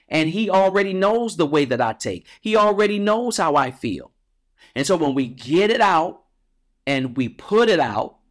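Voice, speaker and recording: Emphatic preaching man, fairly high voice. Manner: emphatic preaching with repetition and swings in pitch. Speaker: podcast host. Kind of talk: preaching devotional podcast.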